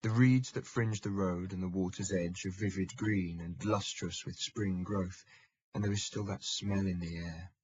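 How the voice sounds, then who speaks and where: Deep, husky male audiobook narrator. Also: steady tone, normal speed, darkish tone, no echo, lo-fi sound.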